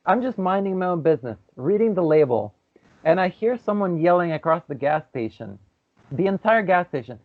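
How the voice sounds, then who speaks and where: A man's voice: fairly high pitch, no room sound. Guy telling a story on a podcast, does the voices, sounds like a phone call. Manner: animated storyteller, acts out quoted voices. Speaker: podcast co-host. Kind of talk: casual chat. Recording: tinny phone-like audio.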